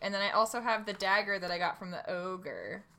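Excitable woman with a bright voice. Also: medium pitch. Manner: excitable, quick and blunt. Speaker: player. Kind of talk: casual tabletop game chat.

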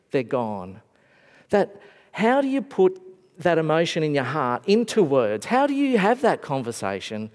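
A man preaching a sermon to a congregation, reflective and conversational, his voice dropping to a hush and then lifting again. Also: fairly high pitch. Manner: reflective, swings between raised and hushed voice. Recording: long hall reverb.

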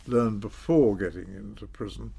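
An older man, telling his story in a measured, self-deprecating way in an interview. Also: lowish voice, vocal fry, warm tone, husky. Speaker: interview guest, former politician. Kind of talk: reflective storytelling.

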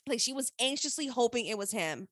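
A woman recapping a TV episode in casual chat, animated, opinionated and profane. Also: a little high, a little fast, no echo.

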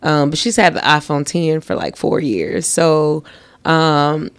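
A woman in her thirties chatting casually, expressive and quick to laugh. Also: low-pitched, clean tone. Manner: expressive, laughs easily, acts out kids' voices. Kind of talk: casual chat.

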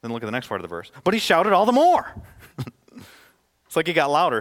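Animated male preacher in a reverberant hall. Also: a little high, brisk, pauses often. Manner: animated preaching, swings from loud to hushed. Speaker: pastor. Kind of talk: sermon.

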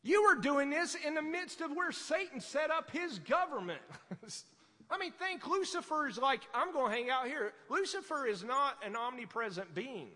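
A man preaching a fervent sermon, swinging from quiet asides to loud exhortation. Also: extremely high pitch, lively intonation, unhurried, in a large hall. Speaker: pastor.

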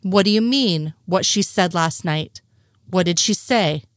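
A woman's voice: fairly low pitch, unhurried, no room sound, studio quality, close to an everyday voice. A woman reading the lines of an exasperated male FBI agent in her own voice.

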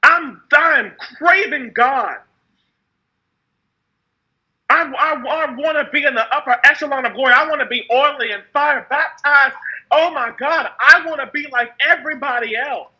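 Brief: woman delivering a passionate spoken testimony, very high-pitched, intense, phrases repeated for emphasis. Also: moderate pace, sharp tone, muffled recording. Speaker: speaker sharing her story. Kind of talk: personal testimony monologue.

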